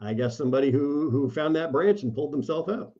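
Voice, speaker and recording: A man's voice: on the high side, expressive, fast talker, warm tone. A middle-aged man from New York, co-hosting a casual chat in an easygoing way with dry quips. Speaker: co-host. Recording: slightly dull, lo-fi sound.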